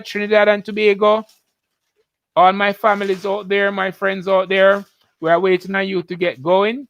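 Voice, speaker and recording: A man's voice: high voice, gravelly, fairly bright tone, no echo. A Jamaican man, a biology teacher, hosting a live-stream lesson, chatty and upbeat as he greets viewers by name.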